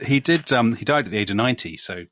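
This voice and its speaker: A man's voice: mid-range voice, animated, fast talker, fairly bright tone, dry recording, studio quality. An English man co-hosting a casual history podcast, making wry, mock-indignant jokes. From England. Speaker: podcast co-host.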